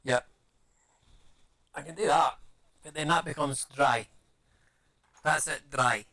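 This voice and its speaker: A man's voice: a little high, slow pace, pushed and bright. A man chatting casually on a live stream, muttering to himself as he fits small parts together and talking to his viewers. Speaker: live streamer building a model kit. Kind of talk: casual live-stream chat while working. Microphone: streaming mic with adjustable audio settings.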